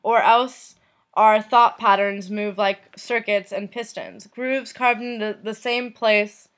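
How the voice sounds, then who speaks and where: A woman vlogger reading messages aloud, in a soft, unhurried voice that trails off at the end of lines. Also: medium pitch, fairly even intonation.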